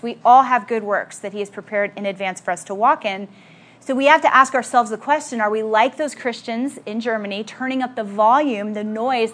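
A woman preaching an earnest, emphatic sermon full of rhetorical questions. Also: a little high. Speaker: speaker at a Christian gathering.

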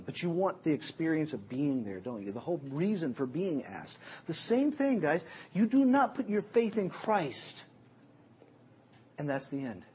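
A middle-aged man preaching a sermon as a Bible teacher, telling jokey, animated stories. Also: a little high, slightly rough.

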